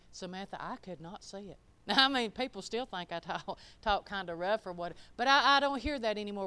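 A middle-aged woman preaching a sermon in a folksy, emphatic way, swinging from loud declarations to quiet, chuckling asides. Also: mid-range voice, smooth.

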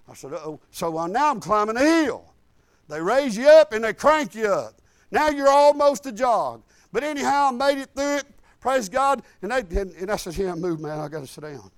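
An older man preaching a sermon, telling a funny personal story in a folksy, humorous way with low asides. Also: expressive, moderate pace, dry recording.

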